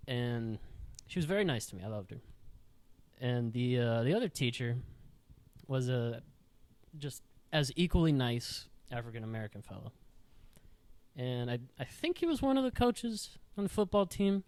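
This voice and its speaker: A man's voice: medium pitch, very animated, moderate pace, a little mellow, clear, resonant tone, no room sound. Young male podcast host; casual, profane storyteller, dry close studio sound. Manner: profane, rambling anecdotes with frequent fillers.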